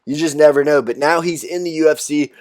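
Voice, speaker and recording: A man's voice: on the high side, a little fast, darkish tone. A man hosting a solo recap show, talking through fight results in a casual, blunt, chatty way with loose fillers. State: out of breath. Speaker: podcast host recapping fights.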